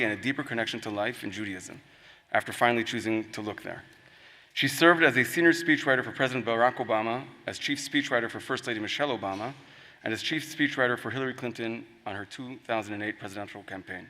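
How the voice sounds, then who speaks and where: A man's voice: medium pitch, pushed and bright. A man hosting a conference, introducing the keynote speaker in a loose, hesitant way with fillers. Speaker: conference host. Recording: reverberant hall.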